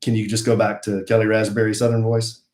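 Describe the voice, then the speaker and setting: A man's voice: lowish voice, completely flat delivery, fast, a little mellow, roomy sound. A man co-hosting a casual live-stream chat, with a playful, teasing manner. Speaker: co-host.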